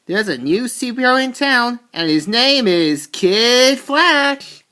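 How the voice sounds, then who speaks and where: A woman's voice: a little high, animated, slow, pushed and bright, voice pushed up, full character voice. A woman voicing a cocky teenage boy superhero with a boastful, announcer-like delivery.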